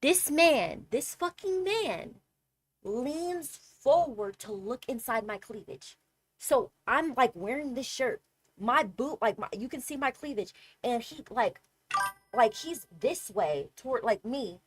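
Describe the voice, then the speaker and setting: A young woman streamer telling a casual story with animated, exasperated energy and lots of swearing. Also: a little high, takes it slowly, husky, no room sound.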